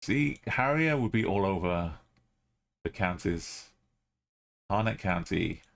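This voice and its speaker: Gravelly low-voiced man streaming. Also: expressive, slow, a bit bright. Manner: thinking aloud, musing, chatting to viewers. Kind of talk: live game stream commentary.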